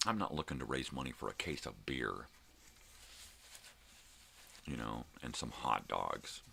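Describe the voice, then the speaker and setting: A middle-aged man with an extremely low, gravelly voice rants through his morning vlog. His tone is forceful and a little raspy, and his rambling talk is full of swearing. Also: animated, unhurried, a little hiss or hum. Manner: profane, rambling, ranting. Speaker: vlogger host. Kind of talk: casual morning rant.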